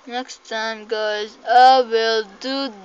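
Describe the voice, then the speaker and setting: Young Filipino-accented woman, slow-talking, skittish game commentary, dull lo-fi phone recording with faint hiss. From Philippines. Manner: jumpy, excitable, swings between loud panicked cries and low mutters. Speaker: gamer. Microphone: phone mic.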